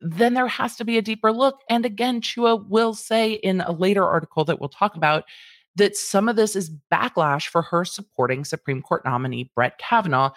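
A woman's voice: mid-range voice, normal speed, no echo, clean studio sound. A woman hosting a casual commentary show, talking animatedly and putting on exaggerated quoted voices. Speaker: commentary host.

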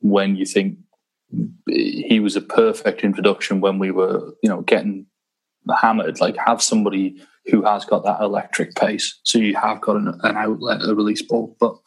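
A man chatting on a football podcast, self-deprecating and sweary with quick asides. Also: lowish voice, little pitch movement, breathy edge, low-quality recording. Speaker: podcast co-host. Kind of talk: casual chat.

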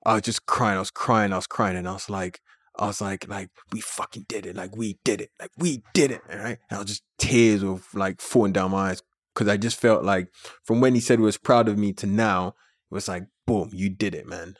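Man, interview guest, animated storytelling, fairly low voice, dry room. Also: brisk, no echo. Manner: animated, many fillers like "like". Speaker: guest, company founder.

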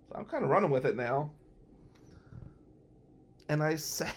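A man telling a first-person anecdote, swinging from hushed asides to loud outbursts. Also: fairly high pitch, very animated, a little fast, pauses often, husky. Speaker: storyteller.

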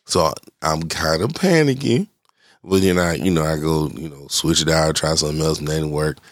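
Hosting a casual solo podcast, a middle-aged man sounds congested and rambles loosely, constantly interrupting himself. His voice is a low rumble at a moderate pace.

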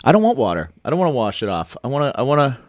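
A man's voice: mid-range voice, sing-song, rapid-fire, no room sound. A man co-hosting a casual food tasting, laughing often and restarting his sentences as he describes the bread. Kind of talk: casual chat.

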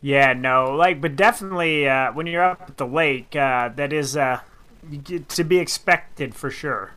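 A man's voice: fairly high pitch, a little slow, bright, forceful tone, clear, resonant tone. A man co-hosting a radio talk show, reacting with loose, filler-heavy, jokey banter.

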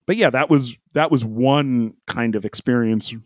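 A man's voice: mid-range voice, measured pace, no echo, studio quality. A man telling a travel story in a casual chat, rambling with lots of fillers, laughing often and acting out quoted lines.

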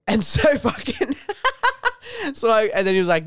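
A man's voice: extremely high pitch, slow pace, long pauses, dry recording, studio quality. A young Australian man telling a rambling, sweary story on a podcast, saying dude constantly and laughing as he goes. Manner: animated, laughs through own story. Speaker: comedian guest.

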